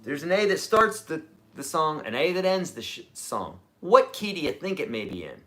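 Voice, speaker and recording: A man's voice: on the high side, big pitch swings, moderate pace, sharp tone. A man teaching a live-streamed guitar lesson, chatty and explaining, humming riffs as he goes.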